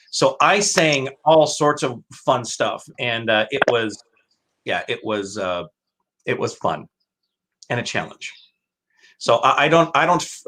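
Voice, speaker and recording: A man's voice: mid-range voice, pushed and bright, slight background noise. A man hosting a casual live-stream chat, speaking in a hesitant way with many restarts. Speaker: host.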